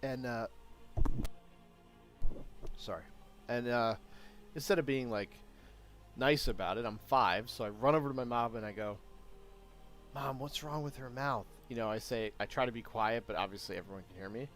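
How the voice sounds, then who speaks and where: A man with a fairly low voice chats casually on a live stream while coding his game, muttering to himself and then bursting out excitedly when things work. Faint music plays underneath his desk-mic talk. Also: moderate pace, long pauses. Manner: rambling, self-talk with sudden excited outbursts.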